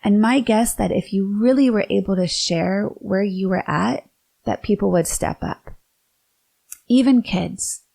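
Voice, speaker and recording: Gravelly, mellow-voiced woman host. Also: medium pitch, measured pace. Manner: earnest and candid, with some repeated restarts. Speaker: podcast host. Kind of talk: personal storytelling monologue.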